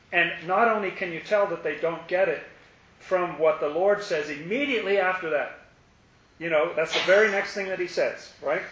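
A man leads a Bible study in a lively, questioning way, his voice sitting a touch high. The sound is roomy and a bit muffled, with a faint hiss underneath. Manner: animated, asks questions, acts out the crowd's lines. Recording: echoey, muffled room recording with faint hiss.

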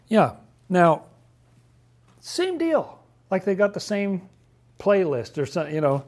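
Animated man leading a Bible study. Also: sits high, measured pace, long pauses. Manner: animated, acts out quotes in playful voices; chatty, laughs often. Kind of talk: casual Bible teaching.

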